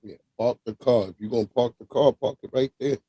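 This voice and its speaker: A man with a Long Island New York accent, chatting casually and profanely on a livestream, telling animated stories. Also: mid-range voice, a little fast, slightly rough, no echo. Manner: loose, profane, animated storytelling.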